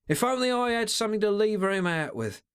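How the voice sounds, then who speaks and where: Guy doing a sneery stealthy henchman, voice way up high and bouncy. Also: big pitch swings, clear, resonant tone. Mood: scornful. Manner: slangy, sneering, drawn-out remarks. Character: sly, stealthy male secretary, cold menace.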